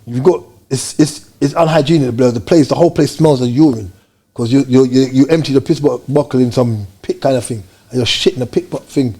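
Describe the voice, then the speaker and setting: A man from Jamaica, telling his story as an interview guest in fast, animated street slang. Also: mid-range voice, breathy edge.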